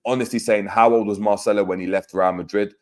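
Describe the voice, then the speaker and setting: Deep-voiced man chatting football. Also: fairly even intonation, quick pace. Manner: conversational, many fillers and restarts, reads out comments. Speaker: football podcast host. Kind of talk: casual live-stream chat reading viewer comments.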